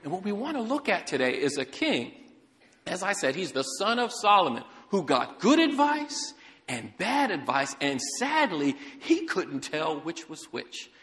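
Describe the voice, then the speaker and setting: Animated male guest preacher. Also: high-pitched, a little slow, in a large hall. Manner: animated storytelling, asks congregation "Amen?". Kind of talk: sermon. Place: church sanctuary.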